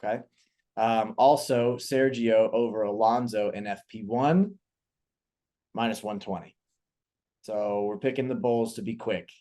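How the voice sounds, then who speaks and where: A man's voice: on the low side, measured pace, long pauses, dark tone. A man co-hosting a podcast, talking casually in an upbeat, playful, self-mocking way. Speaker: podcast co-host.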